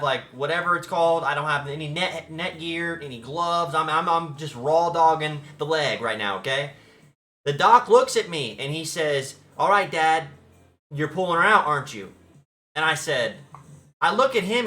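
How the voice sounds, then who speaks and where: Brief: young male streamer, bright and fairly high voice, slangy and dramatic storyteller. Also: moderate pace. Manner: excitable, slangy, dramatic retelling. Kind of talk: casual storytelling chat.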